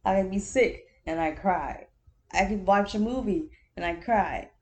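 A woman hosts her own podcast solo, speaking in a mid-range, darkish voice at a slightly slow pace. She chats candidly, laughs often, repeats phrases for emphasis, and calls the listener baby or honey.

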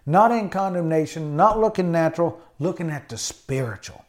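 A man's voice: on the high side, lively intonation, moderate pace. A man preaching a sermon in an emphatic style, often adding amens and hallelujahs. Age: adult with college degree. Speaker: pastor.

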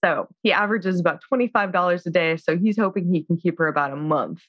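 A podcast co-host recaps a film in a casual, chatty way, with lots of fillers and acted-out character lines. Her voice sits on the low side and she talks quickly. The recording is dry with no echo and sounds slightly dull.

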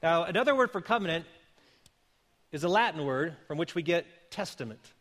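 A man's voice: on the high side, expressive, normal speed, fairly bright tone. A man in his fifties preaching a sermon as a pastor, talking in an earnest, conversational way with frequent restarts. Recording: long hall reverb.

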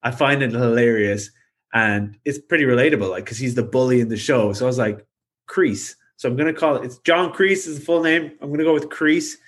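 A man co-hosting a podcast in casual chat, animated and rambling, with lots of filler words. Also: medium pitch, brisk. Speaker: podcast co-host.

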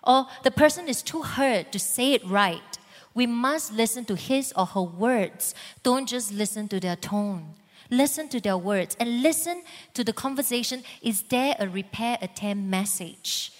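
Woman, fairly high voice, calm instructive delivery, long hall reverb. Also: measured pace. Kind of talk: sermon teaching.

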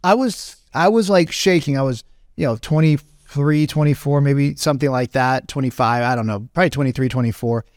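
A man in his late thirties or forties, a podcast host telling a rambling, animated story in casual talk. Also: medium pitch, a little fast, no echo, studio quality. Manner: rambling, animated, acts out quoted voices.

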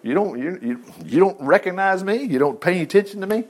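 Scripture reading: male reader as exasperated God, stern and low. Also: lively intonation, brisk. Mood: fed up. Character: exasperated God scolding a disobedient king.

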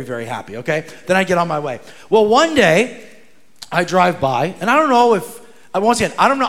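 High-voiced, joking guest preacher, a man. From New Jersey. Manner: animated, joking, energetic. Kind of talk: sermon with humorous storytelling.

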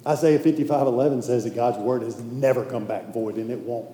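A man preaching a sermon in a conversational, emphatic way that sometimes drops to a hushed intensity. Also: medium pitch, fairly even intonation, brisk, hardly any pauses. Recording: echoey hall with faint noise.

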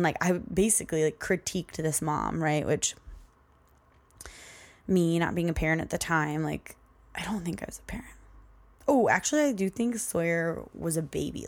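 Chatty young woman with a gravelly edge. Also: low voice. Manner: chatty, rambling, laughs often. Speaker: podcast host. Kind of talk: casual solo podcast storytelling.

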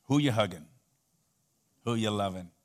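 A middle-aged man preaching a sermon, swinging between loud emphatic peaks and soft near-whispered passages, and having the congregation repeat phrases after him. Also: on the low side, expressive, normal speed. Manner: leads call-and-response, has the audience repeat phrases. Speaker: pastor.

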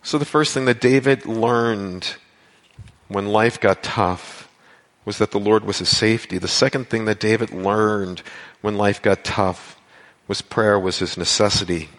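A man's voice: lowish voice, fairly even intonation, unhurried, fairly bright tone. A man preaching a sermon as a pastor, earnest and building to emphatic cries. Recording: long hall reverb.

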